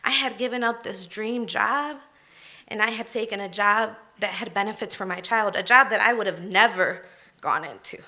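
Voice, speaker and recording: A woman's voice: mid-range voice, normal speed, bright, forceful tone. A woman in her thirties telling a candid personal story on stage at a live storytelling event, emphatic and conversational.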